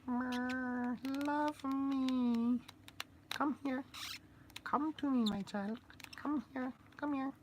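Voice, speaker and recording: A man voicing a needy, creepy little male toy figure in a high squeaky falsetto. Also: fairly even intonation, extremely slow, background noise, exaggerated voice. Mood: wheedling. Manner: squeaky high falsetto, pleading then menacing.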